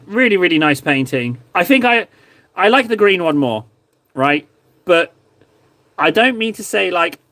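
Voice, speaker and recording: A man's voice: fairly high pitch, a bit bright, dry recording. A man chatting casually on a live stream, reviewing viewers' painted miniatures in a rambling, self-mocking, playful way.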